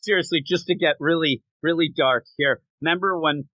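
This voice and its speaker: Man co-host, casual comics chat, bright and sharp tone, dry close mic. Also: on the high side, no room sound, poor audio. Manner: animated, laughs a lot, acts out quick character voices. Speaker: podcast co-host.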